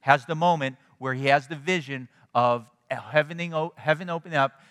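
A man preaching a sermon in a conversational, animated way, often checking in with his listeners. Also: mid-range voice, moderate pace, long reverb tail. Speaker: pastor.

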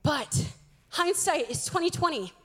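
High-voiced young woman preaching. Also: unhurried. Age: 20s. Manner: animated, acts out quoted voices. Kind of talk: sermon.

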